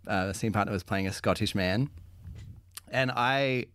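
A man's voice: lowish voice, unhurried, a bit bright, clear, resonant tone. An Australian man chatting casually as a podcast host about improv, laughing often. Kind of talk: casual chat.

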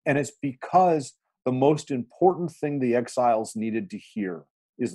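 A man's voice: medium pitch, lively intonation, measured pace, mellow, breathy edge. A man, a pastor, talking earnestly in a reflective podcast, telling stories with frequent restarts.

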